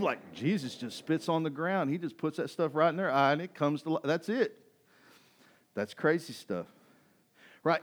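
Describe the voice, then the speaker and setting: A man preaching a sermon, moving from hushed, intense passages to loud, fervent ones, often asking the congregation "right?". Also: lively intonation, brisk. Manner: builds from hushed intensity to loud, high-pitched fervor, with rhetorical "right?"; acts out quoted voices of doubters. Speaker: pastor.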